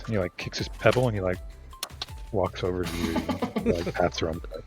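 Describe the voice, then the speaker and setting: A man playing a tabletop game who narrates his character's actions in an animated way. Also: deep voice, fast talker, over music. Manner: animated, laughing. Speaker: player. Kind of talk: tabletop role-play narration.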